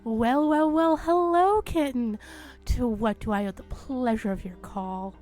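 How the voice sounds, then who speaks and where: Smooth, smug fae man, as a woman puts him on. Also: fairly high pitch, a little mellow, faint music behind, close to an everyday voice. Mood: smug teasing. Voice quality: smooth, cultured. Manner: teasing, drawn-out and amused. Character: smug, teasing male fae, smooth and cultured. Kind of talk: reading game dialogue aloud.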